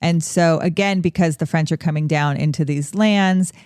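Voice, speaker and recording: A woman's voice: sits low, normal speed, darkish tone, smooth, no echo, studio quality. A woman co-hosting a history podcast, explaining events in a casual, storytelling way.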